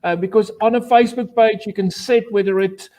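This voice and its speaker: High-voiced man explaining haltingly. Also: steady tone, darkish tone. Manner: halting, explains with many restarts. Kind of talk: casual chat on a video call.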